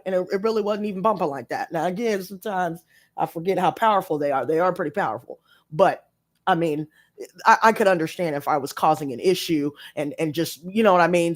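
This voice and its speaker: A woman telling a story to her live-stream audience in casual chat, emphatic and profane as she rants. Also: fairly low pitch. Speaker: tarot reader live-streaming.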